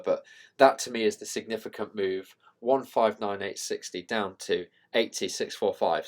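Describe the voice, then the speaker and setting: Man, fairly low voice, casual market commentary, rambling, lots of ums and uhs. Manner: rambling, self-deprecating, thinking out loud with fillers. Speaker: trading channel host.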